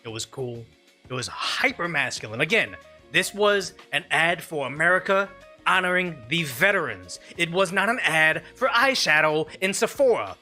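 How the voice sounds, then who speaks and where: A man hosting his live stream, talking in an emphatic, rambling way with frequent restarts. His voice sits a little high and sounds forceful and bright. Faint music plays behind him. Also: lively intonation, moderate pace. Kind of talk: opinionated live stream commentary reacting to clips.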